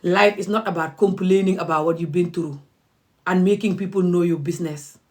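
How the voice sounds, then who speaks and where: A woman's voice: fairly low pitch, steady tone, a little fast, darkish tone. A woman, speaking as an activist vlogger in an impassioned, emphatic and repetitive monologue.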